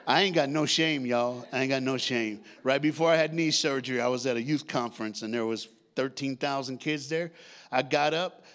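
A man in his sixties preaching a lively sermon, leading the congregation in call-and-response, shouting and half-singing at the peaks and joking in between. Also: mid-range voice, moderate pace. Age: 60s. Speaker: guest preacher.

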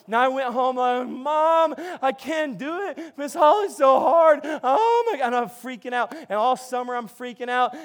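A man preaching a sermon as a pastor, in a conversational, jokey style with frequent restarts and repeated words. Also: very high-pitched.

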